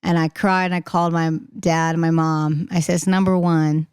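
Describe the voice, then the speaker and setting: A young woman in casual podcast chat as a singer-songwriter guest, talking fast and laughing, acting out the voices she quotes. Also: low-pitched, flat delivery, darkish tone, smooth, no echo, clean studio sound.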